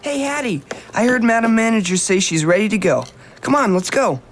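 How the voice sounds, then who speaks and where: A woman's voice: fairly high pitch, expressive, fairly quick, a little hiss or hum. A woman voicing a loyal, earnest teenage boy who helps out, in a children's radio drama. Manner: earnest, supportive.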